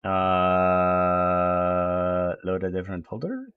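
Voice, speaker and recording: An American man streaming live, rambling to himself in casual chatter as he tries to fix his software. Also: low voice, expressive, clean tone, narrow, tinny audio. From United States. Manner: mutters to himself while fixing software, slow and rambling.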